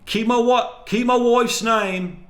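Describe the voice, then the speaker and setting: Brief: a man doing an angry man yelling high and strained, well above his own voice. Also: fairly even intonation, slow, exaggerated voice. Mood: furious. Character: furious man shouting a warning, strained and high.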